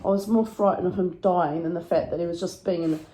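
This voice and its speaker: Woman, dramatic storyteller, mellow voice, echoey room. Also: lowish voice, fairly even intonation, fairly quick. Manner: dramatic, breathless retelling with put-on voices. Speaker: vlogger. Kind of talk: casual storytelling to camera.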